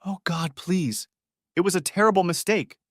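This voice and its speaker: A man's voice: fairly high pitch, very animated, moderate pace, fairly bright tone, no echo, clean studio sound, voice pushed up. A man voicing a desperate wife who was caught cheating, pleading tearfully with her husband.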